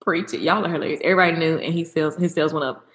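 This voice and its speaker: A woman's voice: very fast, echoey room. A young adult woman hosting a casual livestream, chatting with her viewers and answering their comments. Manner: animated, talks back to comments, swings high when excited. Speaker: livestream host.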